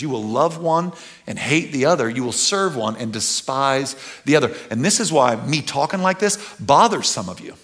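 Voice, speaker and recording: A middle-aged man, preaching a conversational sermon that swings from quiet and earnest to loud, animated bursts. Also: mid-range voice. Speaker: pastor.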